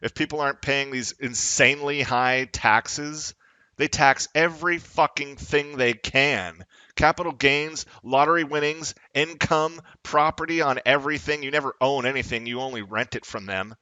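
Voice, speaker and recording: Angry man ranting, bright and dry. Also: medium pitch, moderate pace, clear, resonant tone, no echo. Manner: angry, profane, rising to shouts. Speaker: vlogger. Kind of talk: confrontational political rant.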